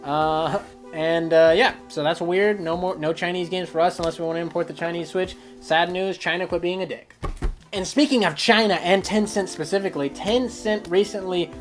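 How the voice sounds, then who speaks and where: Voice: mid-range voice, normal speed, soft background music. A gaming news vlogger in casual commentary, sarcastic and ranting, with some swearing.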